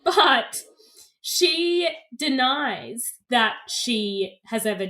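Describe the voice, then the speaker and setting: A woman's voice: fairly high pitch, a little slow, fairly bright tone. A woman co-hosting a podcast, telling gossip stories in casual chat and laughing often. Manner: chatty storyteller, laughs often. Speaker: podcast co-host.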